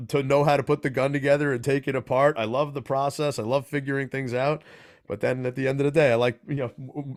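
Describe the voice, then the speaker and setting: Talk radio host, joking asides. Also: male voice, mid-range voice, dry recording, studio quality. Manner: lively, joking asides while reading a long introduction. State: out of breath.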